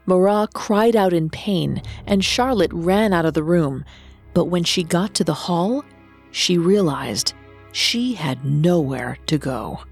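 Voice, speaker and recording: Female true-crime podcast narrator, lowish voice, measured and dramatic, faint music bed. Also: gravelly, husky.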